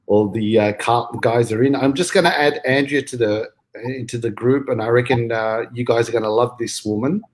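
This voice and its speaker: A man hosting a live online discussion over a video call, upbeat and speaking directly to his viewers. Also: medium pitch. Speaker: host.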